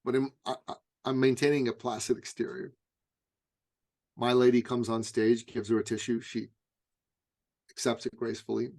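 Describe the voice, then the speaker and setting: A middle-aged man recounting a personal story as an interview guest, at a middling pitch. He tells it vividly, often stumbling over repeated starts before pressing on. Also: flat delivery, moderate pace, pauses often, darkish tone. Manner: vivid anecdotal telling with repeated stammered starts.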